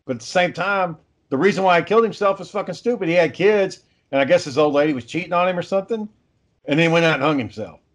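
A man's voice: a little high, fast. A man who is a father, chatting casually and telling stories in a blunt, profane way. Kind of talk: casual chat.

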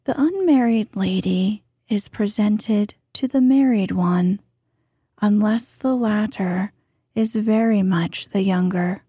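Slow, husky-voiced woman reading softly. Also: mid-range voice, no echo, studio quality. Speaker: reader. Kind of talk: calm bedtime reading of an old book.

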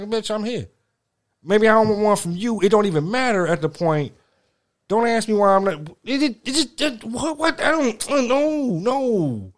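A man co-hosting a podcast in casual chat, ranting heatedly and swearing a lot. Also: high-pitched. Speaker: podcast co-host.

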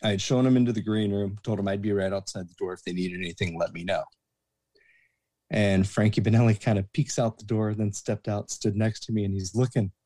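A man's voice: fairly low pitch, fairly quick. A man casually telling a backstage anecdote, acting out the people he quotes. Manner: animated anecdote teller, acts out quoted voices. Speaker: guest, former promoter's assistant. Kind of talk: casual storytelling.

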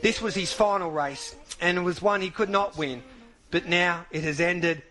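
A man's voice: high-pitched, moderate pace, pushed and bright, soft background music. A male radio host thanking a guest and reading out a statement. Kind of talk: radio show hosting.

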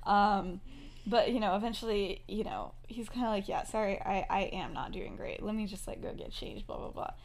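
Young woman, podcast host, casual storytelling, laughs often, quick quoted dialogue. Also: mid-range voice. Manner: chatty, laughs often, acts out characters' lines in quick quotes. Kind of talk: casual fan-fiction storytelling chat.

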